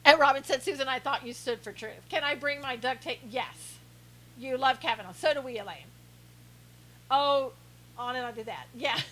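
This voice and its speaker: Sarcastic, teasing woman with a bright high voice. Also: moderate pace, low-quality recording. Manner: teasing, sarcastic, laughing often. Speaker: live stream host. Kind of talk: sarcastic live-stream chat, reading viewer comments.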